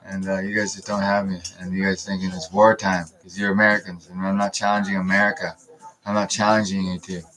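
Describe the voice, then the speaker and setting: A man's voice: low voice, little pitch movement, quick pace, a bit bright, poor audio. A man in his thirties giving a rambling, profane, confrontational monologue on a live stream. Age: 30s.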